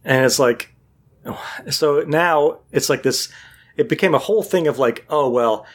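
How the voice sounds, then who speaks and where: A man's voice: fairly high pitch, moderate pace, slightly rough. A man in casual chat, telling a long story and acting out what other people said. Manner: animated storyteller, acts out quotes.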